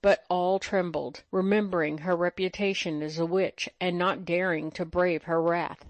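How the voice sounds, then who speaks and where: A woman narrating an old legend in a measured, even storytelling manner. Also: on the low side, dry recording. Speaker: audiobook narrator.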